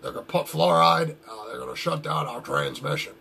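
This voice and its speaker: Guy putting on a deep-voiced paranoid conspiracy radio ranter, stammery and halting. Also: very animated, creaky, pushed and bright, heavily acted. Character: ranting paranoid male conspiracy radio host.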